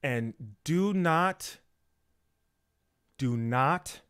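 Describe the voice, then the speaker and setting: Slow, emphatic man preaching. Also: lively intonation, fairly bright tone, smooth. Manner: emphatic, repeats lines, acts out quoted excuses in a higher voice. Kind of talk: informal sermon.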